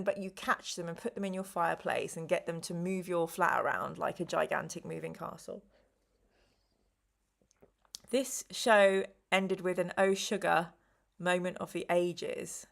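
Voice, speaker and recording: Tired, slow-talking woman streamer. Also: fairly low pitch, creaky, a bit bright. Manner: slow, rambling, chatty with frequent ums and apologies. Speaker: live stream host running a gamebook play. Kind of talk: casual live-stream chat.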